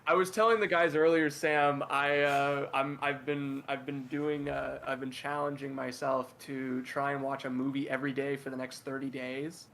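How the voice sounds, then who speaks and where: A man's voice: mid-range voice, flat delivery, normal speed, hardly any pauses, a bit bright, a little hiss or hum. A young man, a student, co-hosting a podcast in casual chat, upbeat and playfully boastful. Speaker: podcast co-host.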